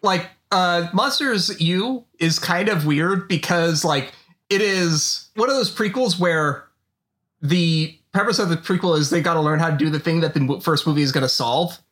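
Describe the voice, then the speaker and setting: Male podcast co-host, bright, fairly high voice, rambling, laughs a lot. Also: normal speed. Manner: laughs often, loose and rambling. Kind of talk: casual chat.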